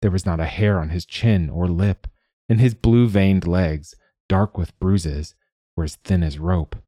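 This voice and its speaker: A man reading a novel aloud in measured, steady scripted narration. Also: deep voice, no room sound, clean studio sound. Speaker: audiobook narrator.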